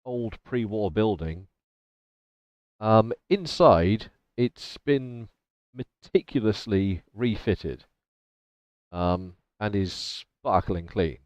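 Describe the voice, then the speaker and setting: Man, game master, tabletop game narration, lively pitch, dry dull lo-fi sound. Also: no echo. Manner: descriptive, laughing often.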